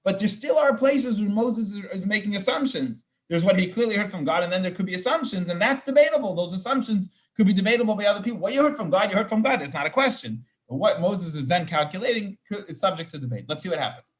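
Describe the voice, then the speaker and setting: A man's voice: high-pitched, lively intonation, fast, few pauses. A man, a rabbi, teaching an informal Torah class, explaining verses with Hebrew terms and frequent restarts.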